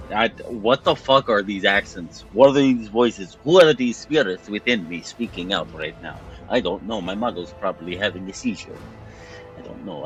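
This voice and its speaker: A man's voice: fairly low pitch, moderate pace, a bit bright, poor audio. Swearing casual male streamer. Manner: casual, profane, self-mocking. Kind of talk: casual gameplay commentary. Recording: game music playing behind.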